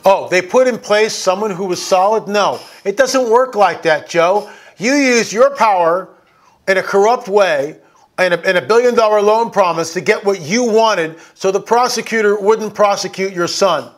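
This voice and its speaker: A man's voice: sits high, moderate pace. A man giving an indignant, emphatic political commentary over video clips.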